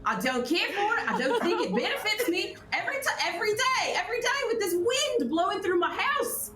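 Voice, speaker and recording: Lady putting on a cranky villager yelling high and loud, echoey room. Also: lively intonation, fairly quick, distant mic, a little hiss or hum. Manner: shouting, cranky, half-laughing. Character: grumpy cold-town village woman yelling at wind.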